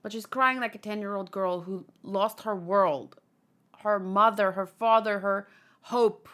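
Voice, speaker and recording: A woman's voice: medium pitch, fairly even intonation, unhurried, fairly bright tone. A woman hosting a manga read-along, reading a comic aloud and adding emotional, rambling commentary.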